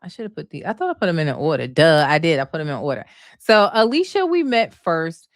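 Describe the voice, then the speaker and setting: A woman's voice: low voice, sing-song, quick pace, no echo, studio quality. A woman chatting casually to her viewers, recapping a reality show and gushing about the cast, calling them y'all and honey. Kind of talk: casual chat.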